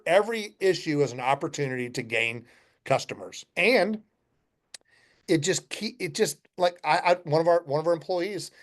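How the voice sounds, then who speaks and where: A middle-aged man, a company founder guesting on a podcast, telling blunt, folksy stories and acting out both sides of customer conversations with some swearing. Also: on the high side. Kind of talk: casual storytelling interview.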